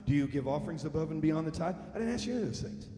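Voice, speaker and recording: High-voiced preacher man in echoey hall. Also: expressive, racing. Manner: impassioned preaching that builds to shouting. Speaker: pastor. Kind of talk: sermon. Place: large church hall. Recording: echoey hall with music underneath.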